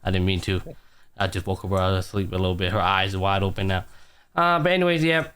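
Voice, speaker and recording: A man's voice: low voice, fast, fairly bright tone, a little hiss or hum. A man hosting a podcast, casually retelling an anime episode in a loose, profane way full of fillers. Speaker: podcast host. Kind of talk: casual anime recap chat.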